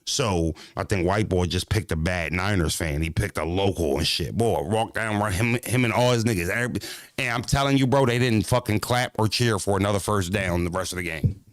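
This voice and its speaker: A man's voice: low-pitched, brisk, no room sound, clean studio sound. A man hosting a livestream, telling stories in profane, slangy street talk and talking straight to his viewers. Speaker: livestream host. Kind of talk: casual livestream chat.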